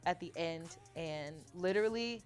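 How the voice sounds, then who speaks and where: A young woman with a slightly low voice chats casually in an interview about her songs. She tells stories in an animated way and laughs often. When she recites her lyrics, she goes quieter and softer. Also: measured pace, faint music behind. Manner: reads her lyrics aloud softly. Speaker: singer-songwriter guest.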